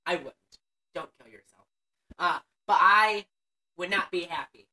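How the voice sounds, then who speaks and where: A woman's voice: on the low side, measured pace, pauses often, sharp tone, recorded from a distance. A woman co-hosting a podcast, recapping a movie in casual chat with a profane, sarcastic storytelling manner. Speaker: podcast co-host.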